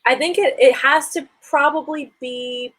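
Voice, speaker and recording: A woman as a guest on a casual livestream chat, talking in a relaxed, thoughtful way with many fillers. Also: high-pitched, unhurried, no room sound.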